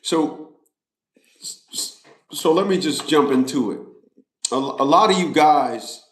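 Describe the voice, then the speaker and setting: Guy ranting to his viewers, kinda high voice, repeats himself a lot, echoey room. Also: slow pace, fairly bright tone. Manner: emphatic, repetitive, preacherly. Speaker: vlogger. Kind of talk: casual monologue. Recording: roomy echo.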